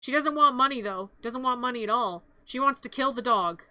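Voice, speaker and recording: A streamer, heard as a woman, recapping a movie in a rambling, playful way with quick jokey asides. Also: on the high side, sharp tone, no echo. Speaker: vtuber streamer. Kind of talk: comedic movie recap with silly voices.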